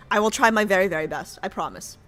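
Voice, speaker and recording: A woman livestreamer chatting excitedly with her chat and reading game text aloud in a casual, chatty way. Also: medium pitch.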